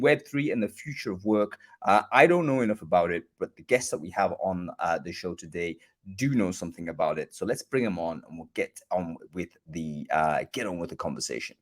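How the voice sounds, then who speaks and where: A male host talks casually to a live online audience. His voice sits low, and he often stops to hum and restart his sentences. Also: lively intonation, a little fast. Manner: hesitant, many ums and restarts. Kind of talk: casual livestream talk. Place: room by a sunny window in Lisbon.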